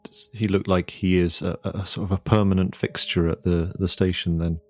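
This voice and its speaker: A man's voice: low voice, level tone, moderate pace, soft background music. A man taking part as a player in a tabletop role-playing game, speaking hesitantly with many fillers and restarts.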